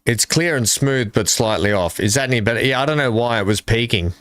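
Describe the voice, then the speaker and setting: A man hosting a live stream, talking casually and haltingly into his desk microphone while he fixes his audio. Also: medium pitch, animated, fairly bright tone, no echo. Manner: halting, mumbling, fixing his mic. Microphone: desk microphone with filters.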